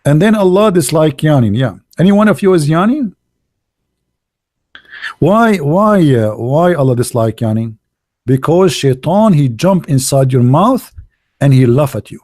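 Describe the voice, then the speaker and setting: A man talking in a casual, sarcastic monologue, full of halting fillers and mockery. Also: a little high, animated, a little mellow, no echo, studio quality. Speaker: online religious debater.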